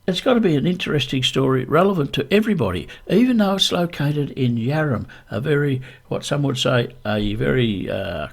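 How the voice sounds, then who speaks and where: A man with a gravelly, husky voice talks low and deep right up close to the microphone. He practices a voiceover monologue, coaching himself deliberately and repeating his points. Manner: deliberate, repetitive self-coaching. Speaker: YouTube creator.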